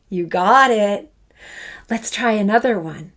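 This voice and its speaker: Encouraging music teacher, slow and upbeat. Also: female voice, mid-range voice, animated, noisy background. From Canada. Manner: enthusiastic, encouraging, speaks straight to the learner; draws out and stresses syllables while chanting fruit names. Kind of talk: children's music lesson.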